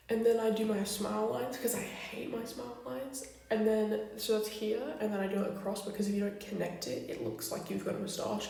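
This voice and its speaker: A woman's voice: mid-range voice, creaky, a little mellow. A young woman chatting casually through a makeup tutorial, blunt and swearing freely. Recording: very echoey room, distant from mic.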